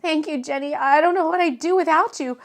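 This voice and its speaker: A woman's voice: high voice, brisk, voice pushed up. A woman voicing a young female pop star, talking in a frantic, tearful way.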